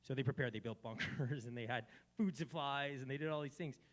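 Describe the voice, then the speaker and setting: A man hosts a live community gathering. He gives a spiritual talk in a preachy manner that moves between quiet reflection and emphatic, fervent declarations. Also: mid-range voice, a little fast. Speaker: event host.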